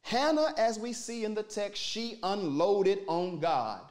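A pastor delivering a sermon, preaching emphatically with repeated phrases and rising and falling loudness. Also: mid-range voice, expressive, takes it slowly.

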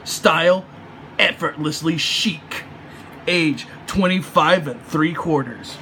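A man's voice: on the high side, takes it slowly, sharp tone, a little hiss or hum, full character voice. A man voicing a smug young female fashion blogger in a mocking, sing-song parody read.

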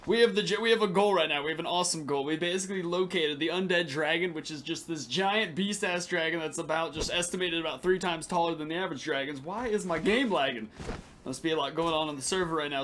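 A man giving joking, excitable commentary while he plays a game late at night and laughs often. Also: fairly high pitch, a little hiss or hum. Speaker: gaming channel host. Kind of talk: casual gameplay commentary.

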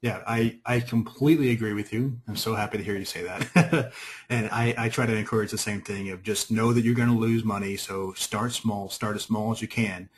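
A man's voice: lowish voice, steady tone, normal speed, husky. A man hosting a webinar, asking a guest long questions and agreeing with him. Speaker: webinar host. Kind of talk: interviewing a guest.

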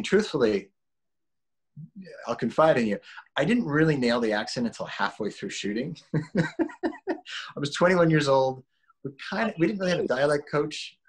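A man in his forties, an actor being interviewed, talking in a relaxed, rambling way with restarts and laughs. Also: medium pitch, husky. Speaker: actor guest. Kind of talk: casual interview chat.

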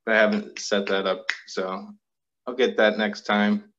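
A man with a fairly low voice talks casually on a video call in a level, unhurried monotone. The sound is dull and lo-fi, picked up by the built-in computer mic. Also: a little hiss or hum. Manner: calls himself monotone, plain and steady. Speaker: guest host reading questions.

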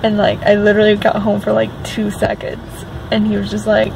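A gravelly, fry-heavy woman chats into her phone from a parked car. She rambles excitably, stacking fillers as she talks. Car and air-conditioning hum fills the background. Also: mid-range voice, brisk, low-quality recording. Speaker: vlogger. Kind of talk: casual chatty vlog. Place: parked car outside a store.

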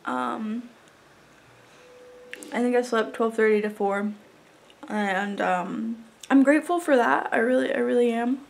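A woman's voice: fairly high pitch, unhurried, gravelly, long pauses. A woman vlogging casually to camera about her competition day, rambling with lots of fillers. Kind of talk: casual vlog talk to camera. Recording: noisy background.

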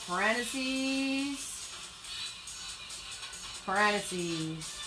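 A woman's voice: a little high, poor audio. A woman leading a live online painting class, chatty and playful, repeating her cue words in a sing-song way. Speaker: paint party instructor.

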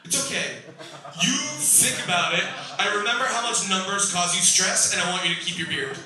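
A man's voice: high-pitched, fairly quick, music in the background. A Canadian man in his thirties doing stand-up crowd work, brash and teasing, swearing freely. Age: 30s. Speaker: stand-up comedian. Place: comedy club stage, live audience. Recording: echoey room, recorded from far, audience noise.

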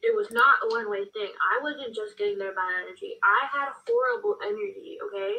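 Gravelly, rambling woman, distant mic. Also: a little high, lively intonation, fairly quick, pushed and bright. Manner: rambling, many fillers. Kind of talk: casual vlog, snack tasting.

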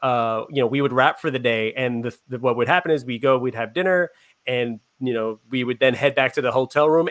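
A man's voice: medium pitch, fairly bright tone. A man, a film director, answering interview questions in an earnest, rambling way.

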